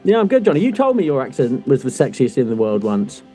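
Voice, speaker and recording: A man's voice: medium pitch, huge pitch swings, fast, mellow, soft background music. A man co-hosting a casual chat podcast, jokey and teasing, laughing often. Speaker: podcast co-host.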